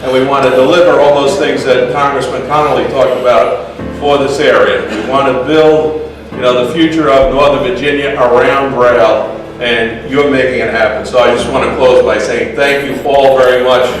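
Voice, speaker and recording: Man, mid-pitched upbeat speaker at a reception, hall echo, mic far away. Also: normal speed, over music. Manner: relaxed joke-telling, upbeat. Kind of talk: informal speech to an audience. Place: large echoey reception hall.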